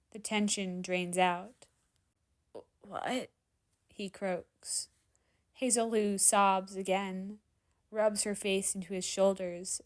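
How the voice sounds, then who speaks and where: A woman reading fan fiction aloud in dramatic story narration, expressive and sometimes dropping to a hushed whisper. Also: mid-range voice. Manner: expressive, drops to hushed whispers in tense moments. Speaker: fanfiction reader.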